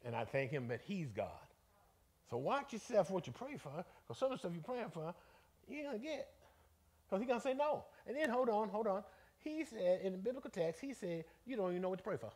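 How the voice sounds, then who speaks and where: A man leading a Bible study as bishop, preaching in an animated, folksy way and calling out to the congregation. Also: high voice, brisk. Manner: animated, conversational, calls out to the congregation; colloquial, folksy phrasing.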